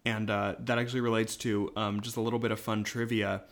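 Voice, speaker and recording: A man's voice: on the low side, little pitch movement, a little fast, a bit bright. A man co-hosting a podcast in casual chat, rambling with lots of fillers. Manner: rambling, filler-heavy, chuckles often. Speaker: podcast co-host.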